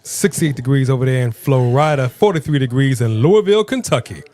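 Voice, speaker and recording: Brisk and medium-pitched, a Southern Californian man banters on a live stream he co-hosts. Full of energy, he jokes around while reading out the chat to his audience.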